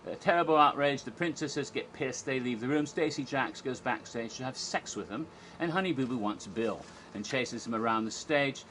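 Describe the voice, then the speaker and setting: A man talks through a stage show in a loose, irreverent way and jumps into voices for the characters. His voice is bright and forward. Faint noise sits under the recording. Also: medium pitch, normal speed, poor audio. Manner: chatty, irreverent, acts out quoted lines. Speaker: theme park history vlogger. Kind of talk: casual retelling of a stage show.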